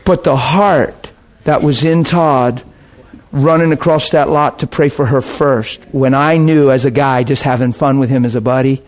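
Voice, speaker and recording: A man preaching, telling a personal story to his audience in an animated, emotional way with bursts of laughter. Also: medium pitch, unhurried. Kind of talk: anecdotal storytelling sermon.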